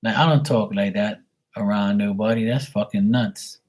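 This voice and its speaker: A man's voice: lowish voice, steady tone, moderate pace, a little mellow. A man chatting casually with viewers on his live tarot stream, blunt and swearing freely.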